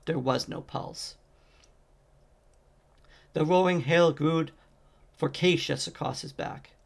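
A man reading a fantasy novel aloud as an amateur audiobook narrator, in a steady, measured way. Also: on the high side, gravelly. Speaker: audiobook reader.

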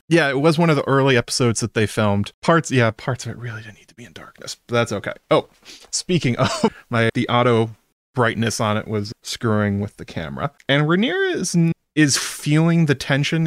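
A man's voice: mid-range voice, no echo. Chatty man live-streaming in a dry room. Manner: chatty, self-interrupting, laughs often. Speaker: streamer recapping a TV episode. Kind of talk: casual live-stream chat.

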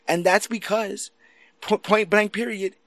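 A man chatting casually about movies, animated and laughing often, swearing now and then. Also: high voice, a little slow, no echo.

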